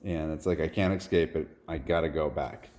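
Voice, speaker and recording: A man's voice: a bass voice, steady tone, moderate pace, darkish tone. A man in his forties telling a rambling, earnest personal story that turns preachy when he quotes scripture. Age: 40s. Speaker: vlogger.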